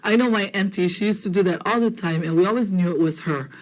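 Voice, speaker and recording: A woman's voice: medium pitch, fast, low-quality recording. Encouraging woman teaching. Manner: encouraging, repeats phrases for learners. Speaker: Hawaiian language teacher. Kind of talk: language lesson explanation.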